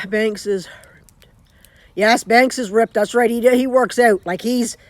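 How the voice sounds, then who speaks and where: A woman's voice: medium pitch, no echo. A Canadian woman chatting casually on a live stream from home, rambling and restarting her sentences as she talks into her phone.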